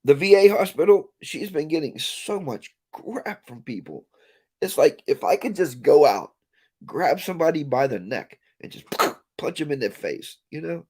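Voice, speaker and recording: A man's voice: on the high side, expressive, unhurried, a little mellow, breathy edge. A man hosting a casual livestream, ranting and reading viewer comments aloud. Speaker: livestream host.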